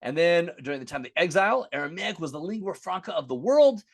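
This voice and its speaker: A man's voice: on the high side, animated, quick pace, no echo. A man teaching an unscripted lesson, explaining step by step at a chart, casual with many fillers and self-corrections.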